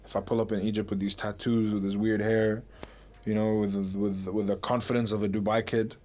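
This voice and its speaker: A young man raised in the United Arab Emirates talks in a documentary interview. His voice sits a little low, and his manner is frank and blunt, with easy asides. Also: level tone, fairly quick, a little mellow. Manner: candid and blunt, peppered with "you know". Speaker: rapper.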